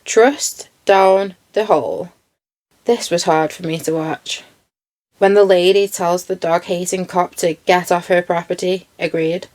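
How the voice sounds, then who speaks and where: A woman's voice: fairly low pitch, measured pace, darkish tone. A woman giving blunt, indignant commentary over video footage and swearing freely. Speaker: true crime commentator.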